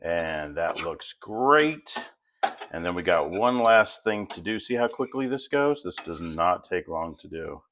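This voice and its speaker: A middle-aged man with a very low voice runs a home cooking lesson. He talks slowly and easily, chatting his way through each step as he cooks. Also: noisy background. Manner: relaxed, chatty step-by-step instructions. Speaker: home cook host. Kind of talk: cooking demonstration.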